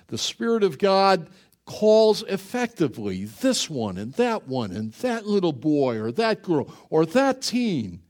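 With a slightly high, somewhat mellow voice, this pastor delivers a sermon as if in conversation. He keeps posing questions to the congregation and repeats words to stress his points.

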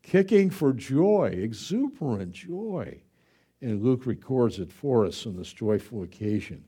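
A middle-aged male pastor preaching a conversational sermon, exuberant and animated, with chatty asides to the congregation. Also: mid-range voice, moderate pace, husky.

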